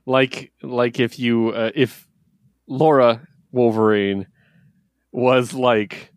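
A man's voice: medium pitch, very slow, clean tone, no echo. A man co-hosting a casual comic review podcast, laughing often and acting out lines from the books. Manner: animated, acts out quotes, laughs often. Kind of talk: casual chat.

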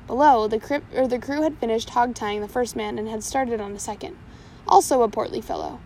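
A woman's voice: fairly high pitch, a little fast, a little mellow, slight background noise, low-quality recording. A woman reading a pirate storybook aloud, now and then stumbling and correcting herself. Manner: reads with small slips and self-corrections.

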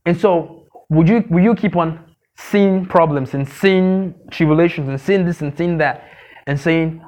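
A man preaching a sermon, emphatic and repetitive, asking his listeners questions and now and then mocking gossip in a squeaky voice. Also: moderate pace, a little mellow. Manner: emphatic, repeats key phrases, asks the congregation questions. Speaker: pastor.

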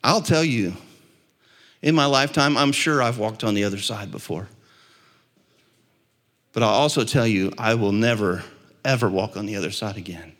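A man preaching a sermon as pastor, building to impassioned peaks and dropping to quiet, low stretches. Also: normal speed, long pauses. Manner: impassioned preaching, swelling louder and higher at peaks.

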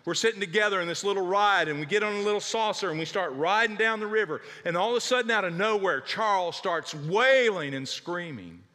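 A male pastor preaching a sermon with animated, dramatic storytelling. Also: sits high, fairly quick, hardly any pauses, big-room sound.

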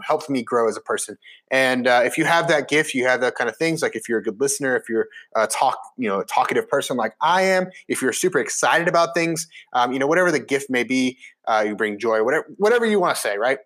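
A man in his twenties telling a casual personal story, chatty and animated with many fillers and restarts. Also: medium pitch, quick pace. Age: 20s.

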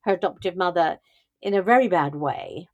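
A woman's voice: on the low side, moderate pace, a little mellow, no room sound, muffled recording. An older woman talking through parenting, telling a family story in a thoughtful, conversational way with frequent restarts. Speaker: guest speaking on parenting.

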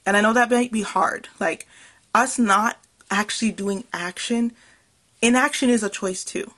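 A woman's voice: mid-range voice, steady tone, a little slow, fairly bright tone. Earnest, passionate woman podcast host. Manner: earnest, self-reflective, with frequent fillers and small laughs; passionate, emphatic delivery. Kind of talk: reflective solo podcast talk.

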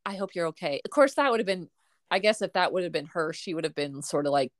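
A woman hosting a casual podcast chat, animated and laughing, acting out quotes as she talks. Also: fairly low pitch, fast talker, no room sound, clean studio sound. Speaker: podcast host.

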